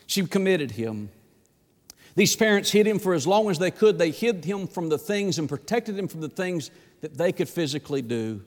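A man's voice: sits high, lively intonation, normal speed. Impassioned male preacher in a reverberant hall. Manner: impassioned preaching, dropping to a hushed plea; repeats words as he builds momentum. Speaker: pastor. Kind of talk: sermon.

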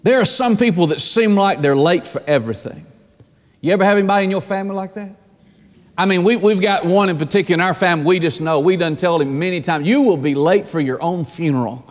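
A man preaching a sermon as pastor, drawing out key words slowly and repeating himself for emphasis. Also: high voice, long reverb tail. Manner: preaching with dramatic slow emphasis and repetitions.

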